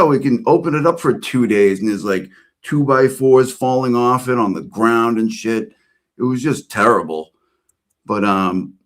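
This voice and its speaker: A man co-hosting a casual chat, rambling through memories, laughing and acting out quotes. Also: on the low side.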